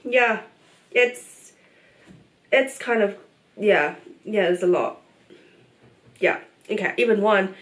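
A woman's voice: mid-range voice, takes it slowly, long pauses. A young woman vlogging a casual life update to her viewers, chatty and open, with many fillers and frequent laughs. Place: at home.

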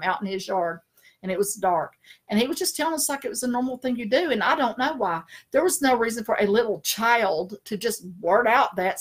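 A slightly rough, mid-range voice belongs to a middle-aged woman who works as a spiritual consultant. Chatting casually on a live stream, she tells stories, laughs often, and slips into funny voices.

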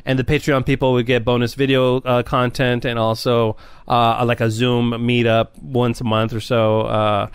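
A man hosting a casual podcast, laid-back and laughing often, with many pauses and fillers. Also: medium pitch, level tone, smooth, no room sound. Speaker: podcast host.

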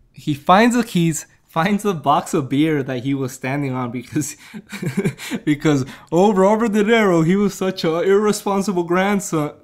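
A man casually reviewing a movie, retelling the plot in a rambling way, laughing and correcting himself as he goes. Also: fairly high pitch.

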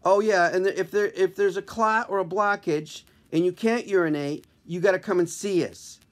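Brief: man playing a cheerful young intern doctor, high and upbeat. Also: steady tone, normal speed, natural voice. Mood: chipper. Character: eager young male intern doctor, chipper.

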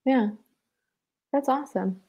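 A young woman from Seattle chatting on a live webinar with a somewhat high voice. She talks in a loose, giggly way and often trails off into "um" before picking up again. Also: takes it slowly, mellow, slightly rough, highs cut off. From Seattle, USA. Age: 20s. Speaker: webinar co-host. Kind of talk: casual live webinar chat.

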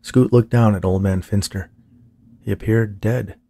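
A man reading a horror story aloud as narrator, steady and measured, with a husky, creaky voice. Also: fairly low pitch, no room sound, studio quality. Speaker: audiobook narrator.

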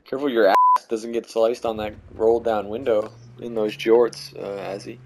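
A man's voice: fairly low pitch, little pitch movement, normal speed, noisy background. A young man hosting casual gaming commentary, joking and teasing his friends over a headset mic on a voice call. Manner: joking, playful banter. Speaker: gaming channel host.

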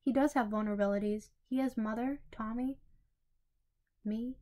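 A weary young prince who pushes back quietly against harsh words, heard in a fanfiction audiobook, as read by a woman. The voice sits fairly high and stays low-key. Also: steady tone, moderate pace, close to an everyday voice. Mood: defensive. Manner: defensive, quiet. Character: young male prince, tired and defiant.

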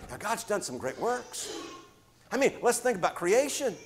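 Lively, high-pitched preacher in full sermon. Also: male voice, slight background noise. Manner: dramatic preaching, slows for Scripture, swells to shouting. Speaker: pastor.

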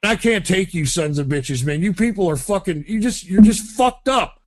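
A man with a fairly high voice rants and swears on prank phone calls, and he is loud and abrasive the whole way through. His voice sounds close and dry, with almost no room around it. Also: lively intonation, normal speed, no echo. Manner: loud, profane, ranting. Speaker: prank caller host.

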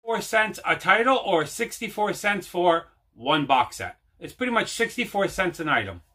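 A man's voice: high-pitched, sing-song, moderate pace, sharp tone, slightly rough. A man hosting his own home video, telling a long casual story with lots of fillers and repeats. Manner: rambling, repeats himself, many fillers. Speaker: host.

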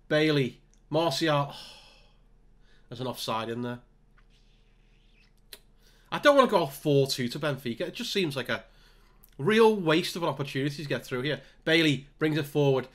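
A man talks through his football management game as it plays out, muttering quietly to himself between bursts of excitement. His voice sits a little on the higher side. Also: normal speed, long pauses. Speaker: gaming YouTuber. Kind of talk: live commentary on his own game.

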